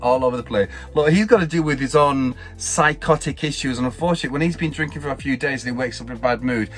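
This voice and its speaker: This middle-aged man's voice is a little high and a bit bright. He tells a story in a casual vlog, rambling, exasperated, and full of quick asides.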